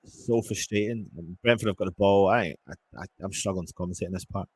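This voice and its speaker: A man's voice: low-pitched, quick pace, slight background noise. A man giving live fan commentary on a football match, ranting angrily between play-by-play calls. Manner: frustrated, ranting, swearing.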